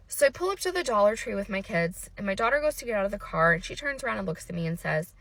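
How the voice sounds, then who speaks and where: Gravelly-voiced mother telling an intense story. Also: mid-range voice, animated, fast talker, bright, forceful tone, no echo. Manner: intense, breathless retelling with quoted dialogue. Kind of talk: emotional storytime monologue.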